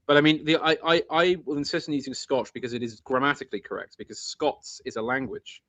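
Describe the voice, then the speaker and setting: A man of middle pitch talking in an opinionated, emphatic way, pressing his points firmly. His voice is dry and close to the mic. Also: fairly even intonation, fast talker, a bit bright, no echo. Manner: opinionated, emphatic, imitates accents. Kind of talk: casual conversation.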